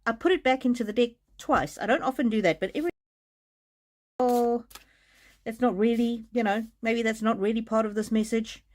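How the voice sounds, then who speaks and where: A woman giving a live-streamed oracle card reading in a gentle, reassuring way, often restarting her sentences. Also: fairly high pitch, moderate pace. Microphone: streaming mic.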